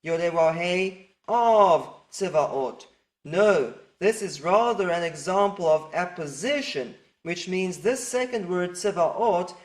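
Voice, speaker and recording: A man teaching Hebrew grammar over slides, reasoning step by step and repeating key points with emphasis. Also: high-pitched. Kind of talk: explanatory lecture over slides.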